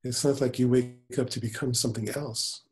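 Gentle older man telling stories. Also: mid-range voice, fairly even intonation. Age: 70s. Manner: gentle, unhurried storytelling with soft laughs. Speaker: spiritual teacher. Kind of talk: spiritual conversation.

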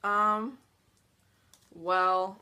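A woman's voice: mid-range voice, fairly even intonation, drawn-out words, sharp tone, clean tone. A young woman vlogger chatting casually at home, prone to squealing dramatic disgust. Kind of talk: casual chat, jelly bean challenge.

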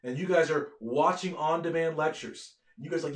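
A man giving a live online lecture from his office at home, energetic and often asking his listeners questions. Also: fairly high pitch, normal speed, few pauses, roomy sound. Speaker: medical education lecturer.

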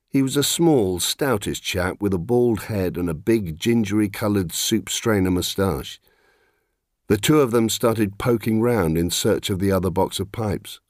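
A man's voice: sits low, darkish tone, dry recording, studio quality. A middle-aged man narrating in the first person, wry, reflective and plain-spoken.

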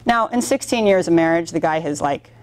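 A middle-aged woman leading a sales training workshop, telling stories in an animated way and acting out the quotes. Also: on the low side, fairly quick. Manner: animated storytelling with acted-out quotes. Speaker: workshop instructor.

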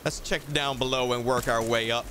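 A man hosting a let's play, chatting playfully with excitable exclamations as he explores. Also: mid-range voice, brisk, noisy background. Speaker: gaming video host.

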